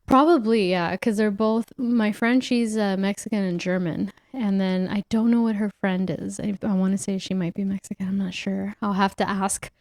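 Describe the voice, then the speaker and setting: A woman's voice: mid-range voice, fairly even intonation, normal speed, few pauses, darkish tone, dry recording. A woman from the United States hosting a podcast in an easygoing, casual conversation, laughing often and talking loosely with fillers. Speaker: podcast host; nurse.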